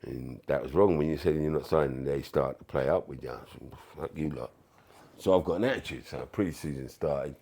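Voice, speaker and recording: A former footballer recounting his playing days in a casual interview, animated and full of swearing, often acting out what others said. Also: extremely low pitch, fairly quick, creaky, slightly rough. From England. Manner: animated, swearing, acts out quoted voices. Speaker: former footballer, podcast guest.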